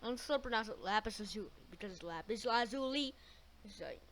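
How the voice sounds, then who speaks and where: A woman's voice: medium pitch, animated, fairly bright tone, a little hiss or hum. A woman hosting a reaction video, chatting casually and firing off curious questions between clips. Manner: chatty and questioning, quick interjections.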